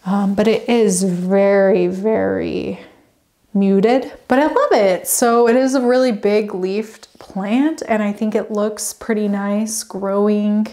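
A young woman talks her way through a home plant tour in a chatty, bubbly vlog voice. She rambles easily into side stories and gushes over what she shows. Her pitch sits in an ordinary middle range. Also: steady tone, takes it slowly, mellow. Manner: chatty, rambling, goes off on tangents; bubbly, gushing. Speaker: plant vlogger. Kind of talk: casual home tour walkthrough.

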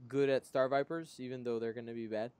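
A man of middle pitch trading jokes on a podcast and laughing often. His voice comes across dry and close, with no room sound around it. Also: steady tone, fast, darkish tone, smooth, dry recording. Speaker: podcast co-host. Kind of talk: casual podcast chat.

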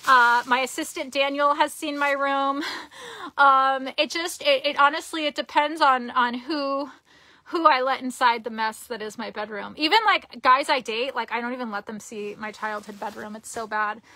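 A woman's voice: sits high, steady tone, moderate pace, pushed and bright, no room sound. A young woman chatting casually on a live stream from her cluttered bedroom, giggly and rambling, often restarting her sentences. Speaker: vlogger.

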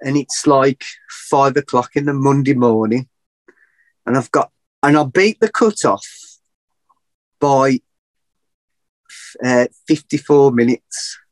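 A middle-aged man telling a long story as a podcast guest, animated and rambling, often laughing at himself. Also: mid-range voice, takes it slowly, long pauses, no echo. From England. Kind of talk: casual storytelling.

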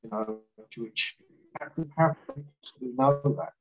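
A man recounting an experience as a guest, talking haltingly with fillers and restarts. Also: on the high side, narrow, tinny audio. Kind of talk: casual storytelling in an interview.

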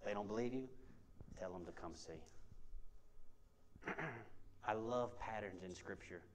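A man's voice: on the low side, a little slow, a little hiss or hum. A man preaching a sermon to a congregation in a church, talking conversationally, repeating key phrases and asking the room questions. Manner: conversational, repetitive preaching with call-and-response. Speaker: pastor. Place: church sanctuary before a congregation.

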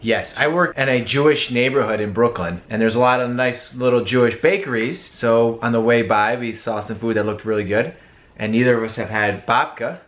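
A man's voice: mid-range voice, moderate pace, a bit bright, muffled recording. A man co-hosting a food-tasting vlog, chatty and enthusiastic with a joking manner. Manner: enthusiastic, jokey. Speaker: vlog co-host. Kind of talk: casual food-tasting chat.

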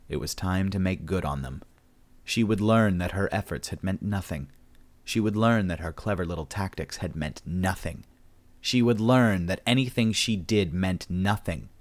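Deep-voiced male audiobook narrator. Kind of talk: scripted narration of a sci-fi story.

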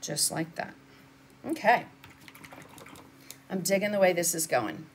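A woman's voice: on the low side, lively intonation, a little slow, slight background noise. An older woman, chatting through a live painting lesson and answering viewers as she works. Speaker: art instructor.

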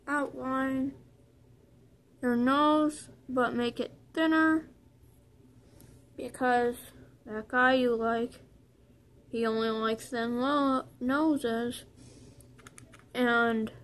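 Slow-talking high-voiced young woman vlogger. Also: fairly even intonation, fairly bright tone. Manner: playful, rambling and joking. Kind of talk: mock beauty tutorial.

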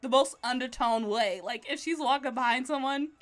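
Brief: woman streamer, fairly high voice, rambling casual chat while drawing, laughs a lot. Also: moderate pace. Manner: chatty, rambling, laughs often. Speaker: livestreaming artist.

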